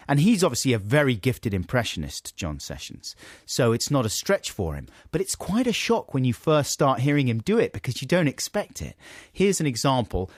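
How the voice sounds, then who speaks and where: Chatty male radio co-host; low, lively voice, dry studio sound. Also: no echo. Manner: chatty, explanatory, laughs often. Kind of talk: casual radio chat.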